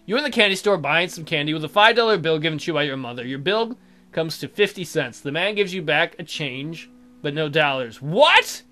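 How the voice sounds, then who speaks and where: A young man casually commenting on a game and reading its text aloud, sardonic and crude, swinging between mumbled asides and loud outbursts. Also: fairly high pitch, brisk. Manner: sardonic, swears freely, jumps between deadpan mutters and loud outbursts. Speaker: let's play commentator.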